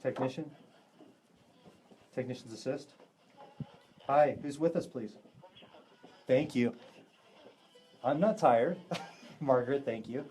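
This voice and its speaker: A man's voice: mid-range voice, fairly even intonation, slow pace, long pauses, warm tone, soft background music. A man, a psychic medium, leading a live ghost hunt in a room of a historic house, upbeat and laughing easily as he talks to the spirits. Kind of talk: live event chat.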